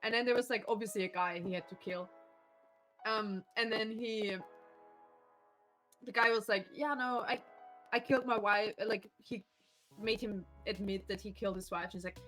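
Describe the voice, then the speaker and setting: A woman's voice: medium pitch, moderate pace, pauses often, soft background music, poor audio. A woman streamer chatting casually at home, telling stories with lots of laughter and swearing. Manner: laughs often, animated storytelling, swears freely.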